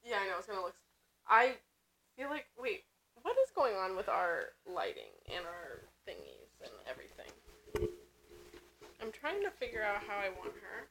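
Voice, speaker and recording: A woman's voice: mid-range voice, huge pitch swings, normal speed, vocal fry, pauses often, background noise. A young woman co-hosting a casual podcast, chatty and giggly, rambling between thoughts. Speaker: podcast co-host. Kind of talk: casual chat.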